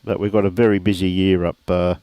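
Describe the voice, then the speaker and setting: Aussie bloke calling lawn bowls live, deepish voice, dry close sound, chatty and matey. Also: male voice, level tone, quick pace, dark tone, no room sound. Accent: Australian. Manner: chatty, matey, greets viewers by name. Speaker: lawn bowls livestream commentator. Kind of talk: relaxed live commentary with viewer shout-outs.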